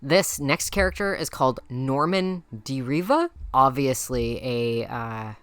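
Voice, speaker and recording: A young woman with a Midwestern American accent does playful, teasing roast commentary as a YouTuber, laughing often. Her voice is extremely low-pitched and animated, a little slow, and the recording is dry.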